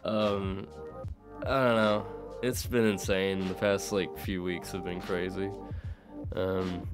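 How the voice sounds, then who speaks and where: Over music, a young man who grew up in the UK streams and chats casually to his live chat, rambling, laughing and swearing lightly. His accent is mixed and American-sounding, and his low voice moves little in pitch at a slow pace.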